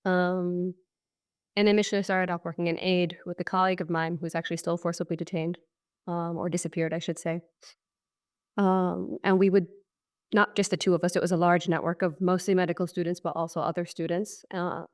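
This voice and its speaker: A woman's voice: on the low side, clear, resonant tone. A woman in her thirties from Syria, a guest on an interview podcast, thoughtfully recounting her past in a casual, reflective way full of fillers. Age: 30s. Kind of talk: personal testimony in conversation.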